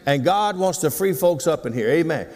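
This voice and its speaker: A pastor in his sixties, his voice a little high and a little mellow, preaches animatedly at normal speed in a church sanctuary. Folksy and teasing, he calls for responses from the congregation, and long hall reverb fills the recording.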